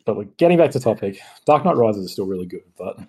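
A man co-hosting a casual film chat, animated, acting out quotes as he talks. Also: lowish voice, fast talker, breathy edge. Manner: animated, acts out lines mid-sentence. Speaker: podcast co-host.

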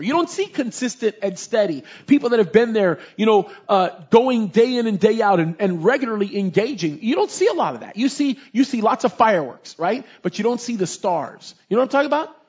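A man's voice: sits high, very animated, fairly quick, hardly any pauses, a little mellow, slightly rough, lo-fi sound. A man preaching a sermon as a pastor, emphatic and repetitive, with many "you know" fillers.

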